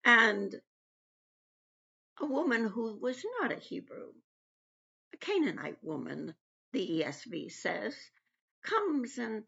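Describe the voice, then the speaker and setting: A woman's voice: a little high, big pitch swings, slow, vocal fry, pauses often, pushed and bright, slightly rough. A woman giving an earnest personal devotional talk, retelling scripture. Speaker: devotional speaker. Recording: dull lo-fi recording.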